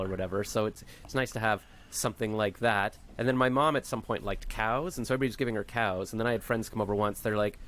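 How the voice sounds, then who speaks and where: A man's voice: lowish voice, fast, hardly any pauses, a bit bright, slight background noise. A man hosting a podcast, chatting casually and telling rambling, joking stories. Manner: rambling, jokey storyteller. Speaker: podcast host. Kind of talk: casual chat.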